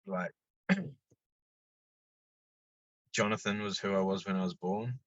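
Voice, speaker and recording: A man talks as a podcast guest in a loose, easygoing way and swears freely. His low voice has a forceful, bright edge. The recording sounds dull and dry. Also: slow, no echo. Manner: laid-back, swears freely, lively when telling stories. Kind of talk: casual chat.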